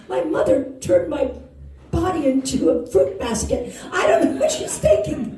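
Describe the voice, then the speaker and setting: On a bar stage, a woman from Wisconsin in her sixties delivers stand-up in a mellow, expressive voice that runs a little high at normal speed, laughing at her own self-deprecating jokes. The crowd laughs in the background, heard from afar in the echoing room.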